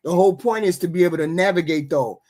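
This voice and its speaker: A woman's voice: on the low side, fast talker, dark tone. A woman hosting a livestream talk show, arguing with impassioned energy and often repeating herself as she presses her point. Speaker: host. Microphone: remote call.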